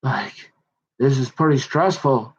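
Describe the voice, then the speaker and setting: A man's voice: medium pitch, slow pace, husky. Guy rambling on about stuff, lots of "like", kinda muffled lo-fi audio. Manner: rambling, talks to himself in second person, full of "like". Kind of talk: rambling monologue. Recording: dull lo-fi recording.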